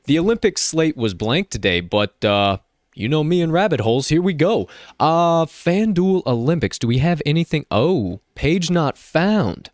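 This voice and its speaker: A man's voice: fairly high pitch, expressive, normal speed, no echo, clean studio sound. Joking man co-hosting a betting show. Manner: joking, rambling, drifts into mock drawl. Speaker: sports betting show co-host. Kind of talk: casual chat.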